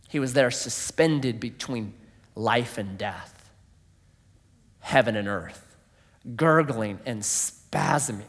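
A man preaching a sermon, telling a story dramatically, dropping to a hush and rising loud. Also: medium pitch. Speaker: pastor. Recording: long hall reverb.

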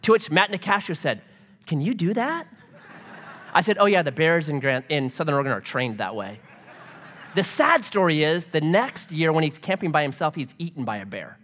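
A middle-aged man preaching a sermon in a relaxed, conversational way, mixing humor and personal stories. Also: a little high, fairly quick. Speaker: pastor. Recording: long hall reverb.

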